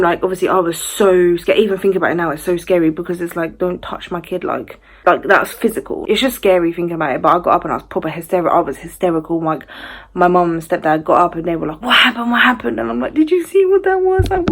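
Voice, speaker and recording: Chatty young woman telling stories. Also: on the low side. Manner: chatty, fillers of "like", animated retelling. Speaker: vlogger. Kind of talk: casual paranormal storytime.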